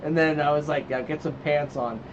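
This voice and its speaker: A man chats loosely on a podcast, rambling from one story to the next and playing out what his kids said. His voice sits a bit high. The recording is dull and lo-fi, with a faint hiss behind him. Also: a little fast. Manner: rambling storyteller, acts out his kids' lines. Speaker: podcast co-host. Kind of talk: casual chat. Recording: dull lo-fi sound with faint noise.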